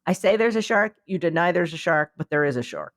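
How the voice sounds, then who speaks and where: A woman's voice: fairly low pitch, expressive, fairly quick, dry recording, clean studio sound. A tired woman co-hosting a podcast in casual comedic chat, rambling playfully and acting out quotes in silly voices. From United States. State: tired and sleepy. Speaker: podcast co-host.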